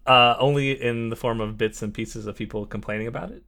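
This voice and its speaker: A man's voice: medium pitch, fairly even intonation, a little fast, vocal fry, bright, forceful tone. A young man co-hosting a podcast in casual chat, dry and hesitant, often trailing off. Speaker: podcast co-host.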